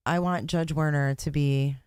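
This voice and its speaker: A woman's voice: low-pitched, fairly even intonation, normal speed, a little mellow, clean tone, no room sound, clean studio sound. A woman hosting a casual livestream, chatting and joking with her viewers between court sessions. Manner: chatty, joking, talks to chat. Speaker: livestream host.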